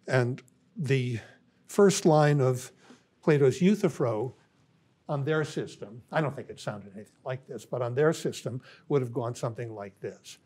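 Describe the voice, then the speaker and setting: An older man, a philosophy professor, giving a university lecture in a thoughtful, halting way with many pauses and restarts. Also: mid-range voice, a little mellow, breathy edge. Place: college classroom.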